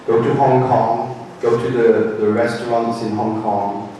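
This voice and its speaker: A man's voice: mid-range voice, level tone, measured pace, mellow, slight background noise. A man from England teaching a staff English class, using simple short sentences and repeating key phrases. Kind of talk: classroom lecture. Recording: echoey room from far off.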